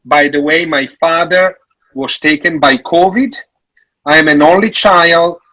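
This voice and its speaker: A man from Italy, giving a frank, animated workshop talk on finances with some jokes. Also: fairly high pitch, a little slow, low-quality recording. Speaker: workshop speaker on parish finances. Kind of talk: conference presentation.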